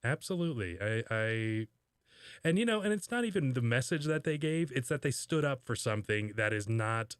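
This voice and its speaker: A man's voice: mid-range voice, expressive, normal speed, clean tone, no echo. A man co-hosting a podcast in casual comedic chat, sarcastic and jokey with mock outrage and frequent laughs. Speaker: podcast co-host.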